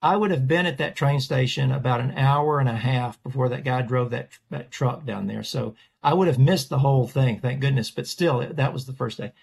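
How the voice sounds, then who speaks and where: A man's voice: mid-range voice, moderate pace, vocal fry, hardly any pauses, breathy edge. A man, a portrait artist, telling a story in an interview and acting out the voices of the people in it. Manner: animated storyteller, acts out quoted voices.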